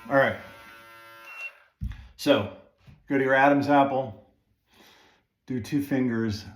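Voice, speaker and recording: A man's voice: medium pitch, steady tone, takes it slowly. A man casually talking viewers through trimming his own beard at home, rambling with fillers and asides. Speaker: beard-grooming vlogger. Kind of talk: casual how-to talk while trimming. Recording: echoey room.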